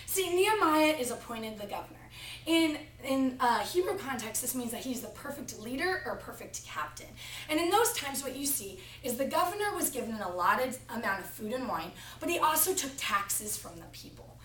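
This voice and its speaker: A woman's voice: high-pitched, moderate pace, a little hiss or hum. A young woman giving a practice sermon to a class, telling a family story before turning to the text. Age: young adult. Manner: storytelling, animated retelling of family anecdote. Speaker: preaching student. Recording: echoey room from far off.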